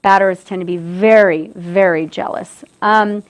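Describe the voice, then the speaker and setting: A woman's voice: mid-range voice, fairly even intonation, normal speed. Woman giving a conversational talk. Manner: conversational, repeats and restarts phrases. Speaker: presenter on dating violence. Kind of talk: educational talk to students.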